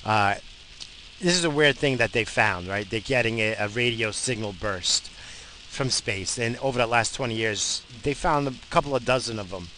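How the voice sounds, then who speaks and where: A man's voice: mid-range voice, normal speed, pushed and bright, slight background noise, rough recording. A man, rambling profanely as a casual podcast host while driving. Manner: profane, blunt, bursts of road rage.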